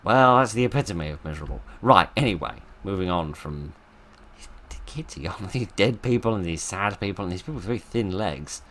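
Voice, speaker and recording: A man's voice: sits low, expressive, brisk, a bit bright. A man giving casual, wry commentary while playing a game, full of sarcastic asides. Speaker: let's play host.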